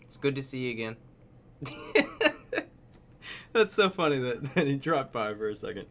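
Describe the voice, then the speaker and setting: A man's voice: mid-range voice, sing-song, a little slow, fairly bright tone, slight background noise. A man streaming live, making sarcastic remarks and laughing while talking back at a video. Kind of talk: casual live-stream commentary.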